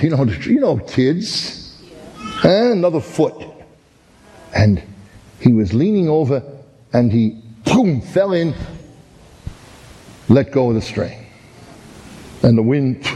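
Preacher guy telling a story, mellow voice, lots of and-and, big hall reverb. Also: a little high. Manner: animated storytelling, many repeated "and, and". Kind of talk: sermon with a story.

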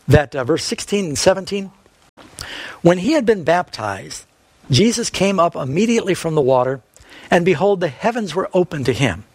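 A man's voice: a little high, dry recording. A middle-aged man preaching an evangelistic sermon as a pastor, earnestly reading scripture and asking the audience questions. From Northern California.

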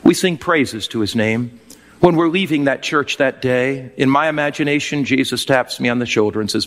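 A man's voice: mid-range voice, normal speed, fairly bright tone, big-room sound. A man preaching a sermon, telling an imagined scene with earnest, reverent feeling. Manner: earnest, reverent storytelling with emotional swells. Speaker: pastor.

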